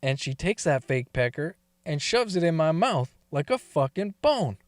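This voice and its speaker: A man's voice: a little high, big pitch swings, moderate pace, dry recording. A man telling a story in a casual, crude way, swearing and laughing often between lines.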